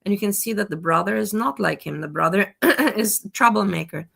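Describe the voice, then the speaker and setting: Lady hosting a stream, chatty, bright sharp voice, medium pitch. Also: brisk, creaky. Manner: chatty, affectionate commentary, greets viewers. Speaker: stream host. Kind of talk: casual chat.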